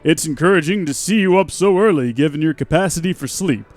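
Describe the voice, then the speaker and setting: A man's voice: a little high, quick pace, no echo, natural voice. A man doing a dignified, dry-witted father. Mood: dryly teasing.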